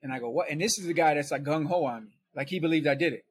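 A man's voice: fairly high pitch, very fast, slight background noise. A man guest on a podcast, telling his story in a casual, conversational way and checking in with "right?".

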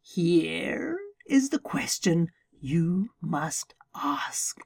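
A woman voicing a self-important little lizard in a hushed, weighty whisper for a family story podcast. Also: on the low side, very animated, extremely slow, dry recording, studio quality, heavily acted. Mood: grave.

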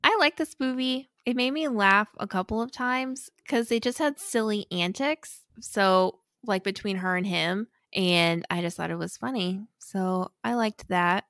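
A woman co-hosting a casual movie chat, easygoing and friendly, who gently teases her partner. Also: mid-range voice, measured pace, hardly any pauses, no room sound, studio quality. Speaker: podcast co-host.

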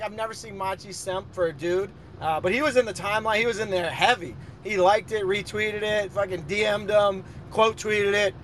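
A man's voice: sits high, a bit bright, slight background noise. A man boasting and ranting profanely in a casual chat. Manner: brash, boastful, rambling rants.

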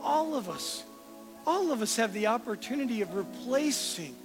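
A male preacher delivering an earnest sermon, firing rhetorical questions and sinking to a soft hush for emphasis. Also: very high voice, very animated, normal speed, over music.

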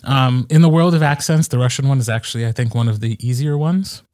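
A man co-hosting a podcast, an audiobook narrator talking in a relaxed way, hesitating often with ums. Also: mid-range voice, fast, no echo, clean studio sound. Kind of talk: casual chat.

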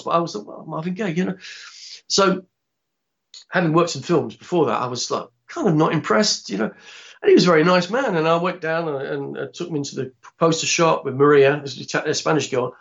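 A man, telling a long anecdote in a rambling, halting way with many restarts. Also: on the high side, dull audio. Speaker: interviewee, film actor. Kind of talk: casual anecdotal storytelling.

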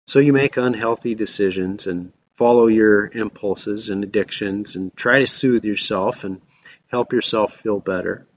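A man's voice: fairly low pitch, measured pace, muffled recording. A man preaching a reflective sermon as a pastor.

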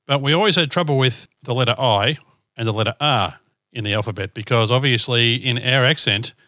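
A man's voice: medium pitch, brisk, pushed and bright, no room sound, clean studio sound. A man from southern Australia with an Australian accent, co-hosting a podcast in casual chat, laughing often and using many fillers. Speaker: podcast co-host.

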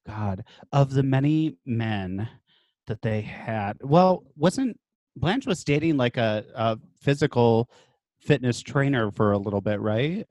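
A man co-hosting a podcast with wry, quick remarks. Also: medium pitch, animated, darkish tone, no room sound. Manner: wry, quippy. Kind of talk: casual chat.

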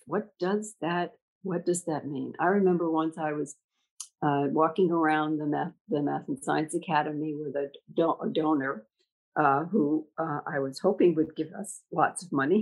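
A woman's voice: sits low, breathy edge, low-quality recording. An older woman who leads a school, telling stories in a reflective conversation and acting out the dialogue in her anecdotes. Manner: animated, acts out dialogue in anecdotes. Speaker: school leader.

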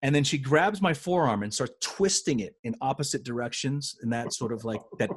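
A man co-hosting a podcast, telling animated anecdotes in a casual way with frequent restarts. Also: medium pitch, fairly quick, husky. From United States. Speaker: podcast co-host. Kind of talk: casual storytelling.

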